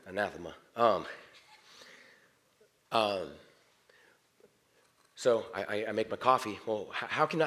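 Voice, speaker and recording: A man preaching a sermon, animated, swinging from loud exclamations to soft, quiet passages. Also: medium pitch.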